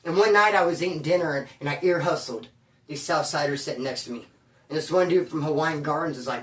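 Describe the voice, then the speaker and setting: A man's voice: a little high, fast talker, fairly bright tone, roomy sound, distant mic. A man telling stories about prison life in a casual, slangy, streetwise way, full of bro and dude. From California. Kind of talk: casual storytelling monologue.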